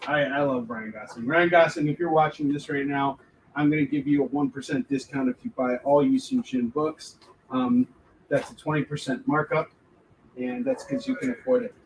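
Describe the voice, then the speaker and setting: Fairly high-pitched and expressive, with vocal fry, this man talks at normal speed during a casual livestream Q&A. He's a comic book artist who jokes, rambles and laughs a lot, heard through a distant mic with faint background noise.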